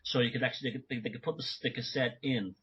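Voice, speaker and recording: A man's voice: mid-range voice, steady tone, fast talker, husky, muffled recording. A man speaking as a guest in an interview, talking in long rambling runs with many restarts and self-corrections. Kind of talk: remote conversational interview.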